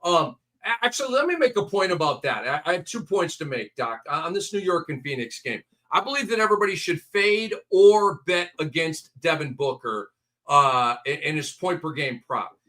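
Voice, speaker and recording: A man's voice: a little high, animated, normal speed, pushed and bright. A man hosting a casual sports betting chat, talkative and emphatic. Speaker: host.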